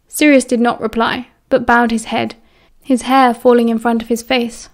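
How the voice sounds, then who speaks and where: A woman's voice: fairly high pitch, little pitch movement, normal speed, few pauses. A woman narrating an audiobook, reading steadily and evenly. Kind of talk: reading fan fiction aloud.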